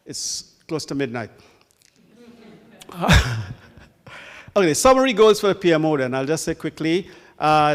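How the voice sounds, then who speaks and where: A man giving an emphatic presentation at a community meeting, firing off rhetorical questions in a lively, preacher-like delivery. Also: a little high. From Canada. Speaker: guest speaker. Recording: long reverb of a meeting hall.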